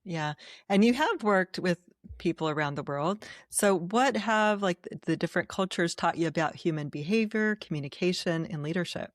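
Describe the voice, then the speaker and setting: A woman's voice: fairly low pitch, lively intonation, moderate pace, no echo, studio quality. A woman hosting an interview podcast who affirms her guest and asks long, framed questions. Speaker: podcast host.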